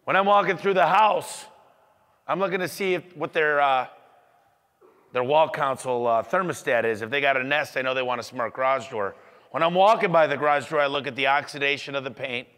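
Lively guy pumping up a crowd about sales, bright voice, long echo in a big hall. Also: mid-range voice, brisk. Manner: energetic, acts out customer dialogue. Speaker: business owner giving a talk. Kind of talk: motivational business talk. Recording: echoey hall.

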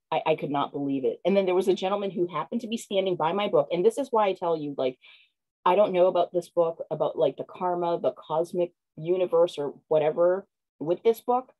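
Woman author guest, low-pitched and mellow, chatty and excitable. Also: moderate pace, low-quality recording. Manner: excited, animated storytelling with lots of fillers. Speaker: picture book author, guest. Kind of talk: casual video-call interview.

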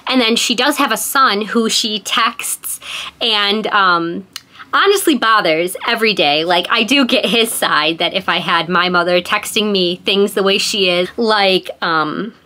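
A woman's voice: mid-range voice, measured pace, sharp tone. A young woman chatting casually and enthusiastically in a book vlog. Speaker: book vlogger.

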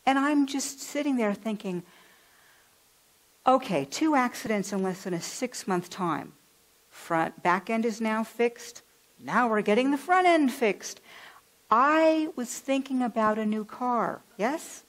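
A woman minister from California giving a sermon, telling a personal story with lively acted-out voices. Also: on the high side, measured pace, low-quality recording. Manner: animated, acts out voices in her stories. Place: church.

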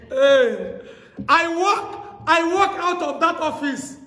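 A man preaching a sermon, telling stories with acted-out dialogue and rising to shouted exhortation. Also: very high voice. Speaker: pastor. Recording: echoey hall reverb.

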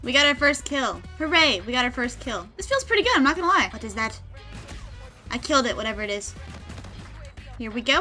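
A young woman with a high, bright voice chats through her gameplay as she plays. She gets excited easily and often breaks into squeals and laughter. The tone is casual and unscripted. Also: brisk, long pauses, faint music behind. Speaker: gaming video host. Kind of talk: live gameplay commentary.

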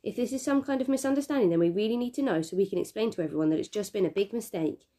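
A woman's voice: mid-range voice, very fast, warm tone, voice pushed up, lightly acted. A woman voicing a worried mother with an anxious, pleading tone in a read-aloud story.

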